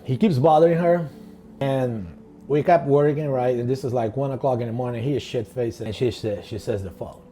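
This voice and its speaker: Man, bartender storyteller, casual, profane, slangy, rambling, warm relaxed tone. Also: medium pitch, a little fast, faint music behind. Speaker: bartender telling work stories.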